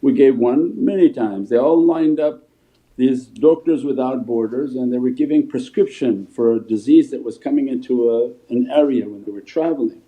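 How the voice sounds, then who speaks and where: Sufi teacher, male, mid-pitched, storytelling sermon, tinny phone-line sound. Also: moderate pace. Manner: storytelling teacher, answers questions calmly. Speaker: Sufi shaykh. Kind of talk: spiritual talk and Q&A. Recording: phone-like livestream audio.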